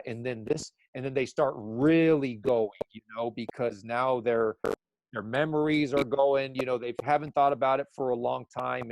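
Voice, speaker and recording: A man's voice: medium pitch, gravelly, a little mellow, no room sound. A man who works as an eyewitness sketch artist, talking in a casual podcast conversation and rambling with many restarts.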